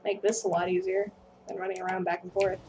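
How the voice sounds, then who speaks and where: A woman's voice: lowish voice, flat delivery, quick pace, noisy background. A woman hosting a gameplay video, rambling through casual commentary and apologizing self-deprecatingly. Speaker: gaming video host.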